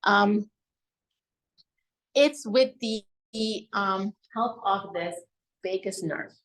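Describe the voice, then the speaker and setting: A woman's voice: medium pitch, extremely slow, a bit bright, rough recording. A woman giving a live wellness talk to an audience, explaining step by step and often checking in with "right?". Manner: explains with questions and frequent "right?". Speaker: wellness presenter.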